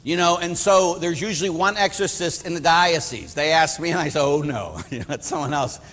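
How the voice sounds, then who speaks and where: A man with a fairly high voice preaches as a Catholic priest, chatty and rambling as he tells stories. He acts out the voices of the people in them, and his words ring with a long hall reverb. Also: steady tone, a little fast, fairly bright tone. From Pittsburgh area, USA. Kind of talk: storytelling sermon.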